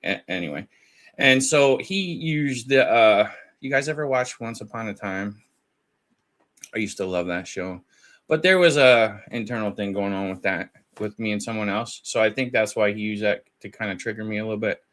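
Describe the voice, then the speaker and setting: A man's voice: lowish voice, normal speed, fairly bright tone. A man hosting a casual commentary video, chatting and laughing as he retells online drama and quotes both sides of a chat. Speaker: commentary channel host.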